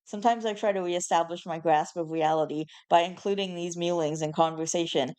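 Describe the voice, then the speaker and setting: A woman's voice: on the low side, steady tone, brisk, few pauses, darkish tone, smooth. A woman hosting a channel where she reads posts aloud, with mock-solemn drama and chatty asides. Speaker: host reading online posts. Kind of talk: reading a post aloud to camera.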